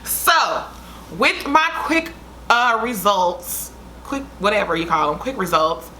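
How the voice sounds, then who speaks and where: A woman's voice: medium pitch, sing-song, takes it slowly, pushed and bright, slight background noise. A young woman vlogger telling a story to her viewers in a chatty, dramatic way. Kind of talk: casual storytime vlog.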